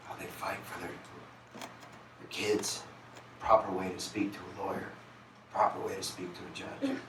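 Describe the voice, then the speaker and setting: A man's voice: lowish voice, background noise. A man, a singer, telling a candid and confessional story on a concert stage, recorded in an echoey venue from a distant mic.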